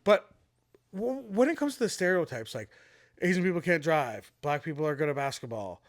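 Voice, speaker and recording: Halting chatty man, dry sound. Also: a little high, sing-song, no echo. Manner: halting, lots of fillers and questioning asides. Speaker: podcast co-host. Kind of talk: casual chat.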